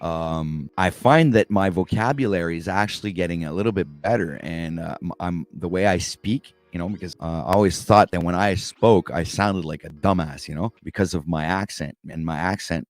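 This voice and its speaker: A man's voice: sits low, normal speed, hardly any pauses. A man hosting a casual morning livestream talk show, rambling and laid-back with many fillers and restarts. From Canada.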